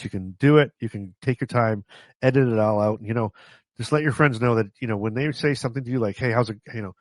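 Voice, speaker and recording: A man's voice: medium pitch, dry recording. Chatty self-mocking man, dry close sound. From Canada. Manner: chatty, self-mocking, laughs often, repeats and restarts. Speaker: vlogger. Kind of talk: casual storytelling to camera.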